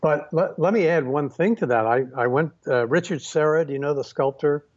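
Man telling stories over a dull recording. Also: a little high. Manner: unhurried, many fillers and restarts. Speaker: photographer guest. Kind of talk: reflective storytelling.

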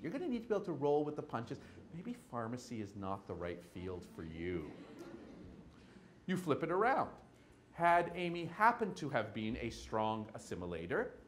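A male keynote speaker with a somewhat high voice that swoops widely as he talks. He acts out little dialogues between people to make his points. There's a faint hum of noise behind him. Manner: animated, acts out little scenes with quoted voices. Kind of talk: lively keynote lecture. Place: lecture hall with audience.

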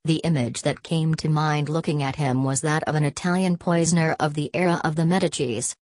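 Low-voiced woman reading a story. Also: fairly even intonation, fairly quick, darkish tone, no room sound. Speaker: narrator. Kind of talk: audiobook reading.

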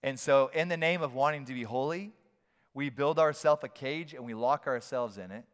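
A man preaching a sermon as a pastor, animated and playful, now and then acting out shouted voices. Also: medium pitch, moderate pace. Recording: long hall reverb.

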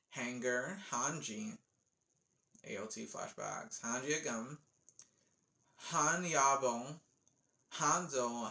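A man slowly reading out a long list of names, one at a time, with offhand casual asides. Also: medium pitch, bright, forceful tone. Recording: roomy echo.

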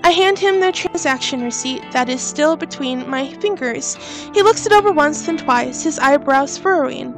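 A high-voiced woman hosts a let's play of a horror game, reading the story text aloud as the main character. She breaks off for lively, emphatic reactions to what happens. Her delivery shifts between steady reading and animated commentary. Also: moderate pace, music in the background. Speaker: gaming channel host.

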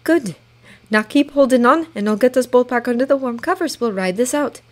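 A woman voicing a tender, protective shapeshifter girl who speaks softly and calmly. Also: fairly high pitch, a little fast, pitched above the performer's own voice, lightly acted. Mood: soothing. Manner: soft, soothing, calm.

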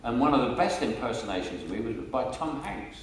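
A man's voice: medium pitch, very animated, fairly quick, heavy background noise. An older man with a Cockney accent, telling stories as an interview guest. He talks in a chatty way, laughs often and repeats words as he restarts. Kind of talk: casual anecdotal interview. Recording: echoey room, mic at a distance.

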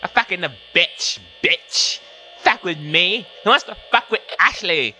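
A man's voice: high voice, animated, measured pace, sharp tone, faint music behind, exaggerated voice. A man voicing a bratty, foul-mouthed young woman who taunts in a catty way. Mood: scornful.

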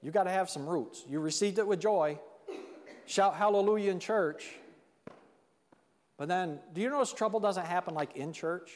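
High-voiced preacher in a reverberant church. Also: male voice, moderate pace, pauses often, darkish tone. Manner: conversational, plain-spoken preaching with acted-out quotes. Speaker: pastor. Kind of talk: sermon. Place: church sanctuary.

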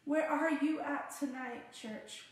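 A woman's voice: high voice, fairly even intonation, takes it slowly. Heartfelt woman pastor in an echoey room. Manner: heartfelt, personal storytelling, addresses listeners directly. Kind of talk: online Bible study teaching.

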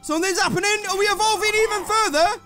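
A man commentating on a video game he plays, excitable and full of swearing, yelps and laughs. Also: extremely high pitch, fast, soft background music. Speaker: gaming video host. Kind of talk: let's play commentary.

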